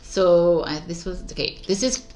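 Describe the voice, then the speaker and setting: Woman tarot reader, low-pitched, casual and emphatic, repeats words for stress. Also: animated, normal speed, a little mellow. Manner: casual, swears offhandedly. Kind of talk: casual spoken tarot reading.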